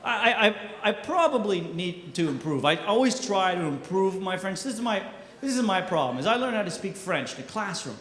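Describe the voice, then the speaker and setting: A man's voice: sits high, big pitch swings, fairly quick, fairly bright tone. A middle-aged man doing a stand-up comedy set, telling self-mocking stories with punchy delivery. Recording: echoey hall with long reverb, faint noise.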